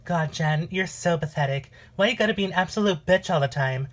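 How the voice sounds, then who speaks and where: A woman's voice: fairly low pitch, brisk, natural voice. A woman voicing a spoiled, jealous young bride-to-be in an amateur voice drama. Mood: snippy. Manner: whiny, snippy.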